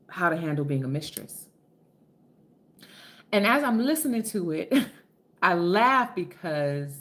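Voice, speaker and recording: A woman from Philadelphia hosts a casual live stream, with a fairly low voice that swoops up and down a great deal. She is chatty and effusive, greets viewers by name and drops curse words without a care. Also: a bit bright. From Philadelphia, USA. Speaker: livestream host.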